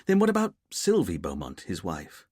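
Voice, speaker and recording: A man's voice: deep voice, huge pitch swings, moderate pace, darkish tone, breathy edge, no room sound, studio quality, heavily acted. A man voicing a stiff, formal detective inspector who is easily irked.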